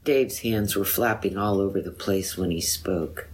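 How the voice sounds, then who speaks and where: A woman reading her own poem aloud in a measured, deliberate way. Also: extremely low pitch, darkish tone, slightly rough. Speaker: poet. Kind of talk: poetry reading.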